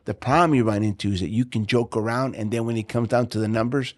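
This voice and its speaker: A man's voice: mid-range voice, fast talker. A man speaking as a sales trainer guest in a casual interview, with an emphatic, confident delivery that often repeats itself.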